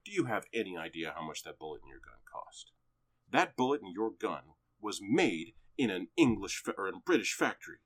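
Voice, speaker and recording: A man's voice: sits low, big pitch swings, a little fast, a bit bright, exaggerated voice. A man recounting a film, voicing a stern British colonial officer who lectures a subordinate in a cold, matter-of-fact way. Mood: lecturing.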